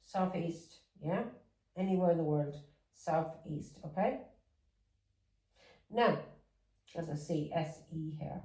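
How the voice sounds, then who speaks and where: A woman's voice: sits low, a little slow, long pauses, warm tone, roomy sound, recorded from a distance, rough recording. A woman giving a casual tarot reading, chatty and plain-spoken, often checking in with her listener. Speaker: tarot reader.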